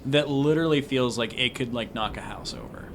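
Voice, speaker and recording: A man's voice: mid-range voice, fairly quick, noisy background. Rambling young man running a tabletop game. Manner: rambling, many fillers. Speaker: game master.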